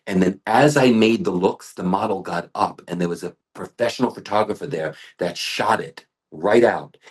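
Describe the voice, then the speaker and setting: A middle-aged man and hair artist talking in an interview, telling animated stories with frequent restarts. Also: low voice, breathy edge. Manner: animated storytelling with many restarts. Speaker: global ambassador and hair artist.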